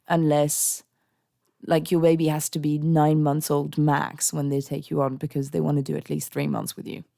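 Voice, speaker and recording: A woman's voice: deep voice, creaky, darkish tone, dry recording, clean studio sound. A young woman streaming live, chatting candidly and ranting with frequent laughter. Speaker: songwriting livestreamer. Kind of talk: casual livestream chat.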